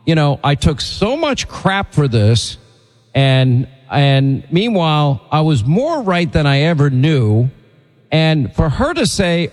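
A male talk-show host with a slightly high voice that swings widely in pitch. He tells stories and rants with indignant energy. A long reverb trails each word. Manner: animated, indignant storytelling. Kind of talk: casual talk-show chat and commentary.

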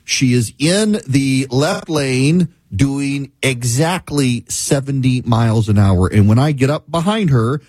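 A man's voice: medium pitch, a little mellow, no echo. A man hosting a talk show, delivering an exasperated, sarcastic ranting monologue.

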